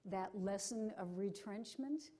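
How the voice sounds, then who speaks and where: A woman journalist moderating a public conversation, asking her questions in a measured way with some hesitations. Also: mid-range voice, warm tone. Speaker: interviewer, journalist. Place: public forum event.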